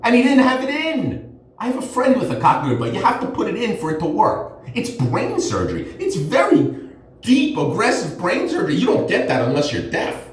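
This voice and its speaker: A man rants in a rambling, sarcastic monologue while shaving, his voice a little high and swinging all over the place. He sits back from the mic in a very echoey room, with faint noise underneath. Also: huge pitch swings, brisk, far from the mic. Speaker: forensic accountant vlogger.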